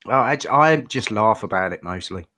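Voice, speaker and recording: A man's voice: lowish voice, animated, moderate pace, bright, forceful tone, no room sound. A man with an English accent co-hosting a casual podcast and giving blunt opinions.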